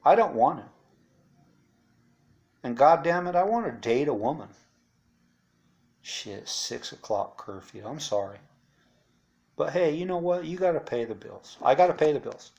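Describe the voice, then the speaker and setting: A man speaks in a loose, rambling monologue, blunt and profane, with frequent asides. His voice has a gravelly edge. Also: on the high side, very animated, measured pace, long pauses, a little mellow, highs cut off. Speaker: interviewee recounting life after incarceration. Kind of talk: casual storytelling monologue.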